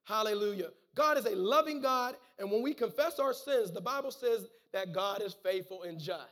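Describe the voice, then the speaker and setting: A man's voice: high-pitched, normal speed, fairly bright tone. A man preaching a sermon, reading scripture and calling out amen and hallelujah, often repeating words as he goes. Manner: fervent, punctuates with calls of amen and hallelujah; repeats words and restarts phrases.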